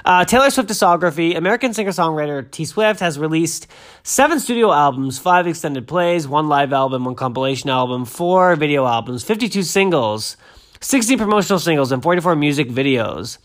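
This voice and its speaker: Male host, 30s, casual, slightly high pitch, rambling, excitable. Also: brisk. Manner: rambling, excitable, self-interrupting. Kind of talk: casual chat about music.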